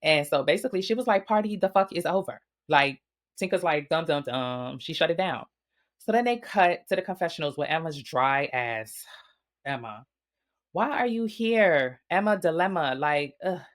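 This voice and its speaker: As host of a casual gossip recap about reality TV, a woman speaks in a low-pitched voice at an ordinary pace. She swears freely and tells stories bluntly and animatedly.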